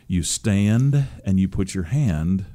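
Older male talk radio host, deep mellow voice, unhurried, pauses with "uh.". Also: expressive. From Seattle area, USA. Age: 60s. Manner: halting, many uh fillers. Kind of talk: casual radio interview.

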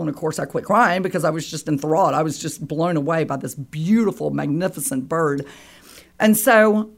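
A woman's voice: sits low, moderate pace. A woman guest on a radio show telling a personal story with feeling, acting out the voices of the people in it. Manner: animated, acts out quoted voices.

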